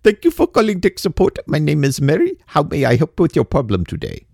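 A man's voice: fairly high pitch, wildly swooping pitch, brisk, gravelly, a little mellow, breathy edge, no room sound, clean studio sound, heavily acted. A man voicing a woman call-center agent who politely reads from a script. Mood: scripted politeness. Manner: stiff, polite, scripted phrasing.

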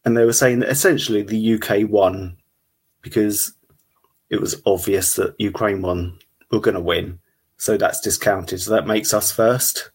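A man's voice: lowish voice, fairly even intonation, a little slow, slightly rough. A man chatting casually on a stream in a dry, matter-of-fact way. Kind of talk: casual chat.

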